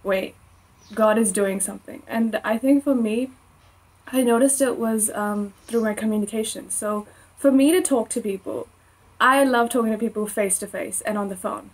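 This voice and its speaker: A young woman with an Australian accent and a slightly husky, higher voice, chatting casually on a podcast. She tells personal stories about her faith in a relaxed, talkative way and laughs often. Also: moderate pace, rough recording. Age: young adult. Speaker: podcast co-host.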